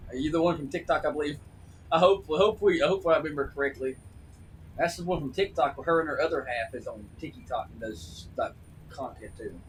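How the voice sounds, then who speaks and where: A man's voice: on the high side, a little fast. A man chatting casually on a live stream, rambling with frequent restarts and repeated words. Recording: distant mic with faint noise.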